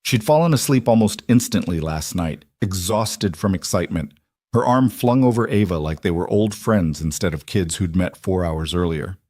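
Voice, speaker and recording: A man calmly reading a scripted drama story aloud as narrator. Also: low voice, normal speed, no room sound.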